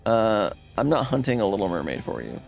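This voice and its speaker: A man's voice: lowish voice, big pitch swings, brisk, vocal fry, darkish tone, faint music behind, exaggerated voice. A man reading as a blunt young adventurer. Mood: insistent.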